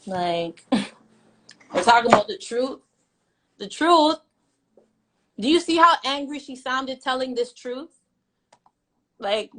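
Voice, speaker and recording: A woman's voice: high-pitched, moderate pace, pauses often, fairly bright tone, low-quality recording. A young woman telling her side in a story time rant, blunt and defiant, swearing often and repeating herself for emphasis. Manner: blunt, defiant, heavy profanity. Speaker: vlogger.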